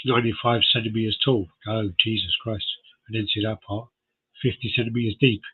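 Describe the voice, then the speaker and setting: A man's voice: on the low side, flat delivery, fairly quick, husky, phone-quality sound. An American man co-hosting a podcast in casual chat, laughing often as he reads out details. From United States. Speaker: podcast co-host.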